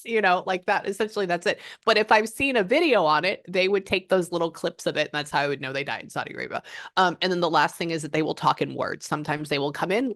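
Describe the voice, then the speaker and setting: A woman's voice: sits low, a bit bright, no echo, clean studio sound. A woman from Texas with a Texan accent, a psychic medium chatting to a client about how channeling works, rambling with many fillers and sometimes dropping to a whisper. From Houston, Texas.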